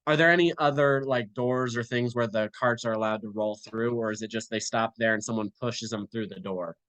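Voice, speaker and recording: A young man playing a tabletop game, talking quickly and casually at a mid-range pitch. His voice sounds dry and close. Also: steady tone, fairly bright tone, no echo. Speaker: player.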